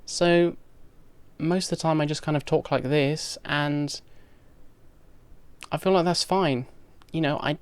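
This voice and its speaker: A woman's voice: sits low, fairly even intonation, measured pace, pauses often, smooth, dry recording. Young trans woman, frank diary talk. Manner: candid, frank, frequent fillers. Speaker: video diarist. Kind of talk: direct-to-camera diary monologue.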